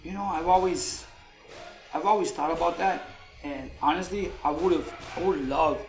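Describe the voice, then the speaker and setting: A man, a boxing coach, telling stories in a relaxed way during a casual interview, often repeating words as he goes. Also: a little high, normal speed. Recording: echoey room with faint music.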